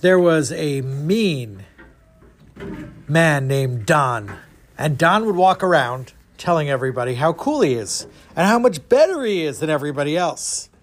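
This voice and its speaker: A man retelling a silly folktale for kids in a playful, animated way, doing voices for the characters. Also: on the high side. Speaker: storyteller.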